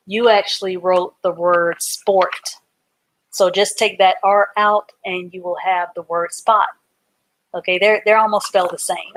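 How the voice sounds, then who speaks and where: A woman's voice: fairly low pitch, fairly even intonation, measured pace, a bit bright. A woman teaching a live online reading class, patiently spelling words out letter by letter and explaining them simply.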